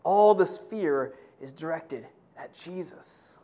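A male pastor giving a sermon, telling stories in a conversational, animated way. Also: on the high side, takes it slowly.

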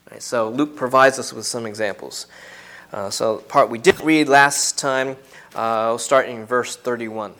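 A man's voice: medium pitch, steady tone, a little slow, fairly bright tone. A man preaching an earnest sermon, teaching through a Bible passage and repeating key phrases for emphasis.

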